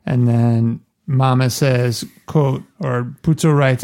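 A man's voice: medium pitch, steady tone, slow pace, hardly any pauses, darkish tone. A man co-hosting a casual chat, reading book passages aloud and chuckling often. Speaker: podcast co-host. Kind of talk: casual chat about a novel.

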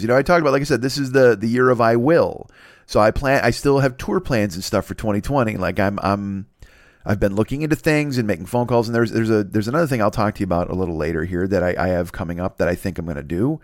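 A man's voice: lowish voice, dry recording, studio quality. A man in his fifties hosting his own show, talking alone in a rambling, profane, self-deprecating way with many restarts. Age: 50s. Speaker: podcast host. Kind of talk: casual solo monologue.

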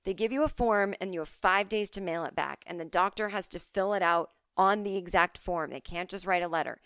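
A woman's voice: lowish voice, fairly quick, fairly bright tone, smooth, no echo. A woman hosting a solo comedy podcast. She reads listener mail and rants bluntly, with profanity and self-deprecating jokes. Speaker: podcast host.

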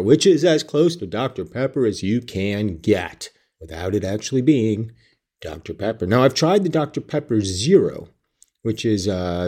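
A man's voice: lowish voice, dark tone. A man hosting a podcast, talking in a dry, self-mocking, digressive monologue. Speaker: podcast host. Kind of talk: casual rambling monologue. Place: home in Savannah.

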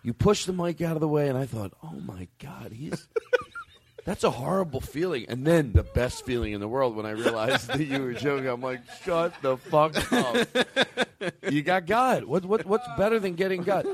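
Excitable, rambling comedy podcast host man. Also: mid-range voice, brisk.

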